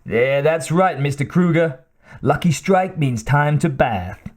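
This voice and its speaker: A man's voice: on the high side, expressive, takes it slowly. A man voicing a grinning, teasing old man in a shabby hotel lobby, for an audiobook. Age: older.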